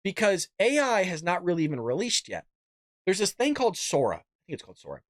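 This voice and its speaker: A man's voice: sits high, wildly swooping pitch, quick pace, no echo. Fired-up guy ranting about politics, voice jumping up and down, dry close mic. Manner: heated, exasperated ranting with frequent restarts. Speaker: political commentary host. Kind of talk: live political commentary.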